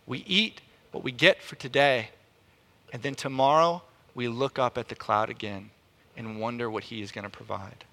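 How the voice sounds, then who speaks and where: A man preaching a sermon in an animated way, often repeating words as he restarts a thought. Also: normal speed. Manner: animated, rises in pitch and volume to act out quotes.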